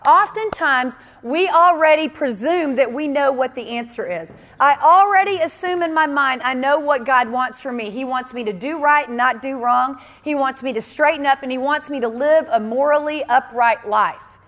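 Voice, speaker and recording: A woman's voice: high-pitched, moderate pace, fairly bright tone, long reverb tail. A woman preaching a sermon in an earnest, emphatic way, often repeating key phrases.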